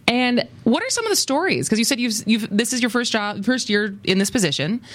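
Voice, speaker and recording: A woman's voice: fairly high pitch, expressive, fairly quick. A woman hosting a radio talk show, introducing her guest and asking him questions in a conversational way. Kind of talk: radio interview.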